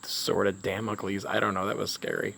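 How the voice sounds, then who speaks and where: A man filming a casual vlog outdoors, talking in an excitable, jittery way and exclaiming in disbelief. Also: deep voice, brisk, creaky, background noise. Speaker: vlogger. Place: outdoors by flowers.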